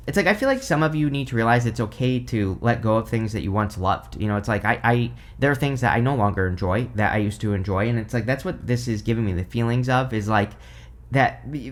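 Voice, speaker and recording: Rambling, excited man reading tarot. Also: medium pitch. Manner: rambling, filler-heavy, excited, thinking aloud. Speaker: tarot reader. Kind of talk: casual tarot reading to camera.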